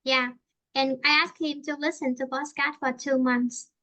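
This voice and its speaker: A woman's voice: sits high, fairly even intonation, normal speed, pushed and bright. A woman with a Vietnamese accent teaching an English lesson, switching between Vietnamese and English and explaining with many fillers and restarts.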